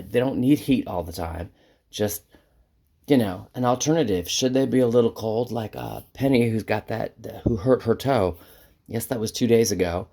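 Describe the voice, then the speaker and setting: A woman's voice: a bass voice, dark tone, slight background noise. A woman who keeps backyard chickens, casually explaining a setup step by step in a rambling vlog, often restarting her sentences.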